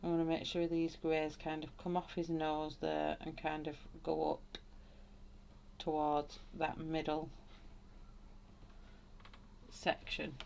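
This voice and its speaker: A woman's voice: deep voice, completely flat delivery, takes it slowly, creaky, pauses often, a little mellow, slight background noise. A woman hosting a live colouring tutorial, thinking aloud as she works and greeting viewers in the chat with frequent laughs. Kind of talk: live colouring demonstration, chatty.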